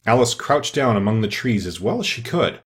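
A man narrating a storybook in a lively, expressive reading voice. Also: on the low side, fairly quick.

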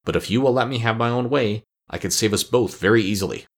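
Man doing a sly old storybook witch, muttering, self-assured, low. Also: quick pace, lightly acted. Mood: scheming. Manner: muttering, positive. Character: scheming old female witch, crafty and sure.

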